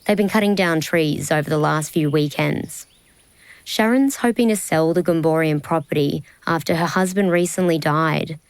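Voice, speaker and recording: An Australian woman journalist narrating a true-crime podcast in a measured, deliberate scripted style. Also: lowish voice, clear, resonant tone, no room sound, rough recording. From Brisbane, Australia. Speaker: investigative journalist and podcast host.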